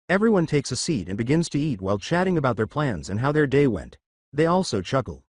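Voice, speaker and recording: A man reading scripted fan-fiction narration in an even way. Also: mid-range voice, a little fast, dry recording, studio quality.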